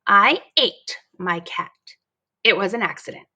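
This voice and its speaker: A woman voicing a creepy imaginary old woman who speaks in a flat, slow, deadpan way in a storybook read-aloud. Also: mid-range voice, breathy edge, highs cut off, full character voice.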